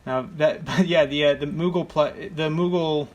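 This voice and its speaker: A man's voice: on the high side, fairly even intonation, moderate pace. A man co-hosting a gameplay video, chatting casually and asking curious questions about the game. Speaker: let's play co-host.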